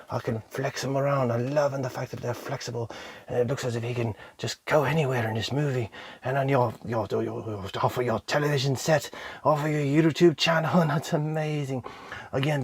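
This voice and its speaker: A man reviewing an action figure on his own channel, excitedly gushing and talking to the toy and his audience. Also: medium pitch, slight background noise. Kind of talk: enthusiastic toy review vlog.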